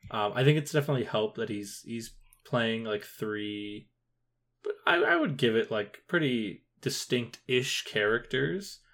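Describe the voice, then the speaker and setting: A man's voice: mid-range voice, expressive, unhurried, a bit bright. A man co-hosting a podcast, chatting casually about a film, full of fillers and restarts. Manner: hesitant, filler-heavy, with sudden upward bursts. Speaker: podcast co-host.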